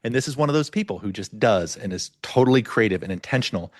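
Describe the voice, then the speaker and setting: A middle-aged man hosting a podcast, telling a story in an animated way and acting out the voices of the people in it. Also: fairly low pitch, quick pace, no echo, studio quality. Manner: animated storyteller, acts out quoted dialogue. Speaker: podcast host. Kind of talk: casual podcast conversation.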